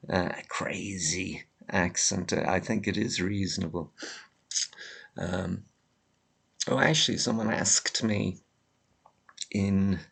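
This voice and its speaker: A man's voice: low voice, creaky, a bit bright, slightly rough. A man from Ireland with a fairly neutral Irish accent, talking in a rambling, sardonic solo monologue while congested with a head cold and coughing now and then. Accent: Irish, mildly Limerick. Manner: sardonic, rambling, self-deprecating. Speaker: vlogger.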